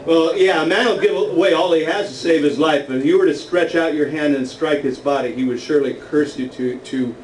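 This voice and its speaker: A man with a slightly high voice leads a relaxed Bible class, joking with his group as he reads passages aloud. He sounds set back from the mic in an echoey meeting room, with faint noise underneath. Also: brisk, hardly any pauses, recorded from a distance. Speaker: Bible study teacher. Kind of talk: casual Bible class teaching. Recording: roomy echo, from afar, faint noise.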